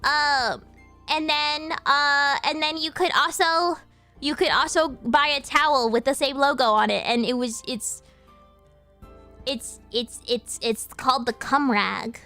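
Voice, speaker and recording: A young woman streams from home, telling crude, rambling, playful stories with a high, bright voice. Soft music plays faintly behind her. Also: measured pace. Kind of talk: casual stream chat.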